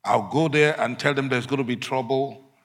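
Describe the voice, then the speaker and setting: A man preaching, voicing a reluctant male prophet in a lower, quieter, sulky mutter. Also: moderate pace, close to an everyday voice. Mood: defiant.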